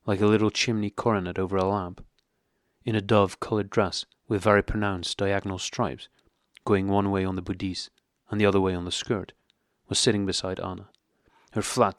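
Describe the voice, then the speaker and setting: A man narrating an audiobook with a measured, even reading. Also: low voice, no room sound, clean studio sound. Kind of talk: scripted narration.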